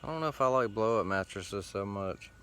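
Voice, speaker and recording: Low-voiced man rambling profanely outdoors. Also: expressive, brisk, fairly bright tone, smooth. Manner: loose, profane, meandering talk with frequent fillers. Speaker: host. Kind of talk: casual rambling monologue. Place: outdoors, sitting against a tree.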